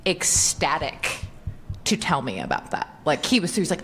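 A woman voice actor, a guest on a convention panel, telling stories in a lively way with plenty of laughter. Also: medium pitch, moderate pace. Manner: laughs often, animated storytelling. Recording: stream of a live panel, background noise.

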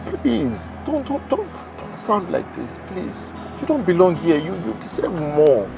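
A man's voice: high voice, sing-song, unhurried, vocal fry, music in the background, exaggerated voice. An actor playing a lovesick Nigerian man who pleads and repeats himself. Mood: pleading.

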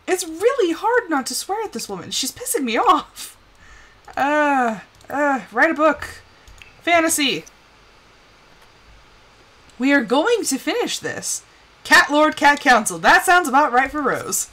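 A young woman giving casual live commentary on a life-sim game, chatty and scolding her characters with bursts of excitement. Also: high-pitched, measured pace, long pauses, slight background noise, poor audio.

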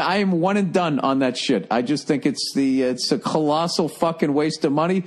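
A man hosting a podcast, telling a rambling story in a profane, wry, self-mocking way. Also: fairly high pitch. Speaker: podcast host. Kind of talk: casual rambling monologue.

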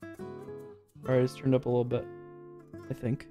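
A young man streaming a video game live, reading the on-screen text aloud and breaking into excited, high exclamations. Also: a little slow, faint music behind.

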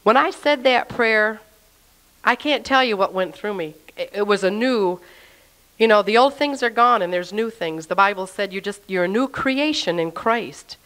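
A woman's voice: mid-range voice, moderate pace. Chatty woman telling her faith testimony. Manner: lively, chatty, acts out her own past words. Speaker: person giving a faith testimony. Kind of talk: personal testimony storytelling.

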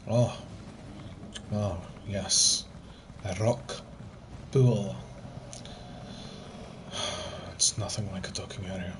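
A young man chats casually with friends while gaming online, joking, swearing and sighing often, captured on a gaming headset in a noisy game recording. His voice is fairly low with fairly even intonation, and he draws out his words and pauses often.

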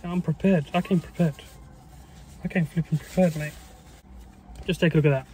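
Excitable man vlogging, noisy. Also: fairly high pitch, moderate pace. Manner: excitable and chatty, with mild swearing and "mate". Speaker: food vlogger. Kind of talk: casual food review vlog.

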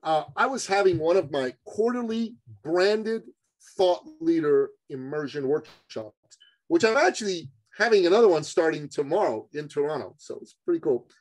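A man telling a personal story as a guest on a podcast, in a fairly high, lively voice. He is animated and conversational. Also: normal speed, dry recording, low-quality recording. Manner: animated storyteller, calls the host "brother".

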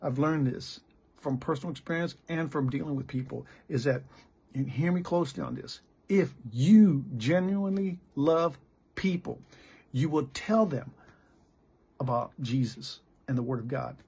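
Very raspy, gravelly middle-aged American pastor. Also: male voice, medium pitch, normal speed, darkish tone. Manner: blunt, plain-spoken, frequent restarts. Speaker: pastor and missionary. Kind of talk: candid sermon.

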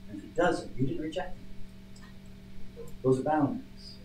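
A man's voice: on the high side, moderate pace. Male pastor, conversational teacher and storyteller, recorded from across an echoey church room. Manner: conversational, storytelling, animated emphasis. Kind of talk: church Bible study teaching. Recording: echoey room from far off, faint hum.

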